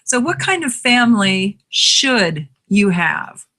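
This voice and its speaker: A woman's voice: mid-range voice, very animated, takes it slowly, pushed and bright. A woman co-hosting a podcast and teaching writing, chatting casually, laughing often and restarting her sentences.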